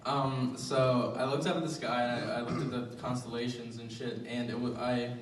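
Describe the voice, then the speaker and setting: A young man works through his stand-up set, rambling and self-deprecating, leaning on ums and restarts. He sits at an ordinary middle pitch, and the mic catches him from some distance. The small venue adds a roomy echo over a faint background hum. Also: level tone, moderate pace. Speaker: stand-up comedian.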